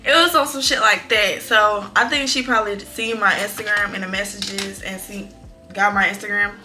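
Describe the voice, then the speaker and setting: A young woman, telling a storytime vlog in an animated, profane, exclamatory way. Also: medium pitch, moderate pace, over music. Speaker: vlogger. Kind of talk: casual storytime.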